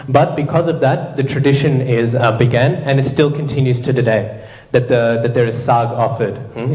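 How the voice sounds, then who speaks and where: A man at a temple class narrates a devotional story, stepping briefly into the voices of its characters. He talks in a mid-range voice, pausing with "um" and a checking "hmm?". The sound carries the echo of a large room. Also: mid-range voice, a little mellow. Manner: narrates with quoted voices, frequent "hmm?" and fillers. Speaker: class speaker. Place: temple hall. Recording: roomy echo.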